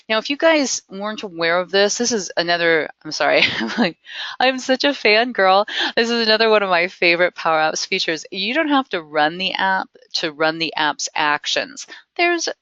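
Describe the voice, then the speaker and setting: Woman trainer, lowish voice, dry dull web-call sound; chatty, enthusiastic, self-deprecating demo delivery. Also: a bit bright, no room sound. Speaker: webinar trainer. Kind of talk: live software demo webinar.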